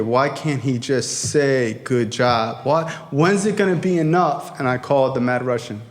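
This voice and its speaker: A man in his thirties telling his recovery story to a convention audience, in a raw, profane, emphatic way that rises to shouts. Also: medium pitch. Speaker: recovery speaker. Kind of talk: storytelling talk to a crowd. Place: convention hall before an audience.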